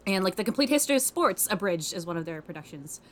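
A woman's voice: fairly low pitch, animated, quick pace, slight background noise. A young woman co-hosting a podcast, chatting casually in a rambling way full of fillers and self-deprecating asides. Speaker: podcast co-host.

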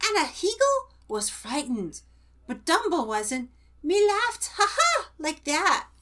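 A woman voicing a boastful baby male dormouse, speaking in squeaky, childish broken grammar. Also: huge pitch swings, takes it slowly, bright, forceful tone, exaggerated voice.

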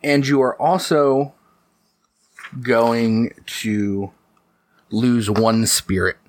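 A man narrating as game master for a tabletop horror game, slowing down for dramatic beats. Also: medium pitch, fairly even intonation, dry recording. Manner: slow, deliberate for dramatic beats.

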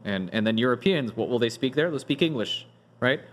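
A man's voice: medium pitch, animated, brisk, fairly bright tone. A man hosting a casual podcast discussion, explaining at length with frequent restarts and "like" fillers. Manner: rambling, many restarts and "like" fillers. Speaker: podcast host.

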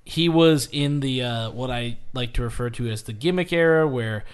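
A man's voice: mid-range voice, moderate pace, smooth. Man retelling a wrestling story. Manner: animated retelling with laughs and acted quotes. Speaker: podcast co-host. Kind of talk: casual chat, storytelling.

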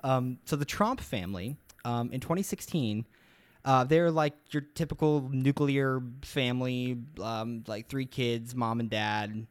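A man's voice: medium pitch, unhurried, dry recording. Young man, podcast co-host, rambling upbeat storytelling, dry close sound. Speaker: podcast co-host telling a mystery. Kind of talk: casual podcast chat.

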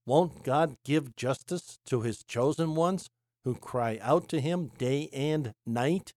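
A man reading a devotional sermon aloud, measured and emphatic, with rhetorical questions. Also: mid-range voice, a little mellow, no echo, studio quality. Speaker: Bible teacher. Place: United States.

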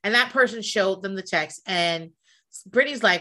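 A woman's voice: medium pitch, normal speed. A woman from the American South co-hosting a podcast, telling gossip stories casually, swearing freely and acting out the people she quotes. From American South, near Kentucky. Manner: animated storyteller who swears freely and acts out quotes. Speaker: podcast co-host.

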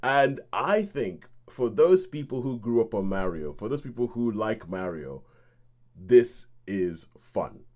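A man's voice: mid-range voice, animated, normal speed, hardly any pauses, a little mellow. Chatty man reviewing a film. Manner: chatty, laughing, acts out reactions and hums tunes. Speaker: film review podcast host. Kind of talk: casual film review chat.

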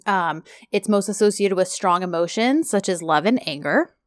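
A woman's voice: fairly low pitch, lively intonation, moderate pace, no room sound, clean studio sound. A woman co-hosting a podcast in casual chat, rambling and chatty with plenty of filler words. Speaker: podcast co-host.

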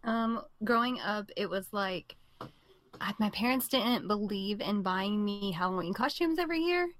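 A woman co-hosting a podcast, chatting casually and reminiscing in an unhurried way. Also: mid-range voice, expressive, fairly bright tone, dry recording. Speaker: podcast co-host. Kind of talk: casual chat.

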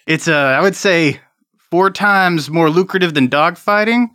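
A man doing a bragging male convict with halting speech. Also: fairly high pitch, bright, forceful tone, no echo, studio quality. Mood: boastful. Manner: halting, full of uhs, sheepish bragging. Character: boastful male convict, horse-fighting enthusiast.

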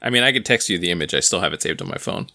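A man's voice: sits low, lively intonation, racing, pushed and bright. A man co-hosting a podcast who tells stories in casual chat, rambling and amused. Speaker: podcast co-host.

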